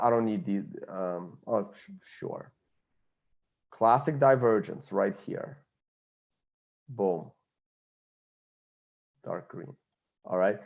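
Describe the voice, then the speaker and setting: A man's voice: medium pitch, animated, takes it slowly, vocal fry, pauses often, highs cut off. A man giving blunt, confident market analysis, thinking aloud as he walks through a chart. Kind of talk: screen-share chart analysis.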